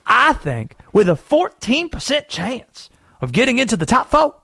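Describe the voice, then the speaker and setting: A man putting on a Southern accent to play an excitable conspiracy-theorist sports pundit on a radio show. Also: extremely high pitch, gravelly, breathy edge, no room sound, clean studio sound, pitched above the performer's own voice, full character voice. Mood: scheming. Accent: American Southern. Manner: fast-talking, drawling, wheedling. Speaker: radio host.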